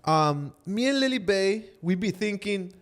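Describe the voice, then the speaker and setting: A man's voice: sits high, unhurried. Tipsy man, casual podcast chat. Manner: relaxed, joking, code-switching with slang. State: tipsy from shots. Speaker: podcast co-host.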